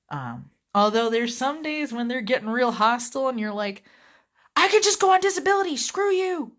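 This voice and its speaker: A woman's voice: low voice, fairly bright tone. A woman giving a chatty, rambling vlog rant about her customer service job. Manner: chatty, rambling, easily sidetracked. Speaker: vlogger, customer service rep.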